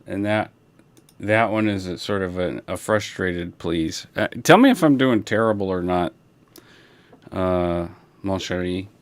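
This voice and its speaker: A man hosting a livestream, chatting casually and rambling in a relaxed way, talking through a broadcast console. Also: deep voice, a little slow, smooth, no room sound. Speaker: livestream host. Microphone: broadcast console setup.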